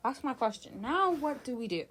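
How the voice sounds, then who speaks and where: A woman's voice: sits high, very animated, moderate pace, fairly bright tone. A young woman giving casual gameplay commentary, chatty and exasperated, talking straight to her viewers. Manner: chatty, exasperated, talks to chat. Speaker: gaming vlogger.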